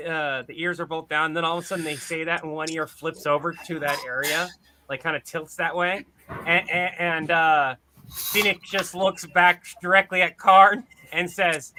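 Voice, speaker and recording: A man at a tabletop game rambles through his character's actions, restarting and filling with "like." His voice is very bright and sits slightly high. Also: a little hiss or hum. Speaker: player. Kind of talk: casual tabletop play.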